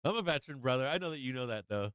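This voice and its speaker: A man's voice: mid-range voice, animated, very fast, a bit bright, clear, resonant tone, no echo. A middle-aged man hosting a live stream from home, chatting in a rambling, casual way and greeting viewers by name. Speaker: live-stream market show host.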